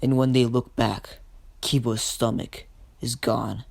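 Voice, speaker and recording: A man's voice: medium pitch, level tone, takes it slowly, gravelly. A man co-narrating a fan what-if story in a casual, rambling way, stringing events together with "he's like" quotes.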